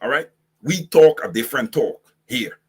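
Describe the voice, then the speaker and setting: A man's voice: mid-range voice, lively intonation, normal speed, slightly rough. A man with a Guyanese accent hosting impassioned political commentary, preaching fiery direct address to his audience. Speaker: host.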